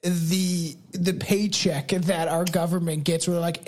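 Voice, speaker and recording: Male podcast host from Canada, high-voiced, crude and joking. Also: little pitch movement, measured pace, few pauses, darkish tone. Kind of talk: casual chat.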